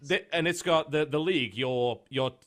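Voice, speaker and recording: A man's voice: fairly high pitch, normal speed. Male podcast co-host, casual, exasperated gaming rants. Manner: animated, exasperated ranting about games. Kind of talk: casual chat.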